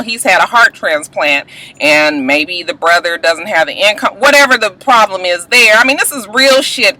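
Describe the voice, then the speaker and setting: A woman's voice: mid-range voice, sharp tone, low-quality recording. Sassy chatty woman recapping TV. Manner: chatty, sassy, swears freely, acts out quotes in voices. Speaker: reality TV recap vlogger. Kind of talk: casual rambling recap.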